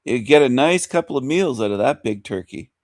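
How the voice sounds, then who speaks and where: A man's voice: medium pitch, animated, brisk, darkish tone, dry recording, studio quality. A man hosting a talk radio show, rambling through an opinionated monologue and repeating himself with rhetorical questions.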